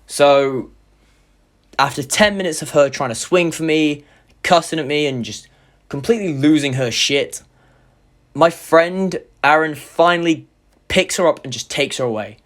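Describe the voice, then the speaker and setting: A man's voice: a little high, a little slow. A young man animatedly retelling a personal story, swearing a lot and filling with "like". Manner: animated retelling, heavy swearing, many fillers. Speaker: YouTuber. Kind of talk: storytime vlog.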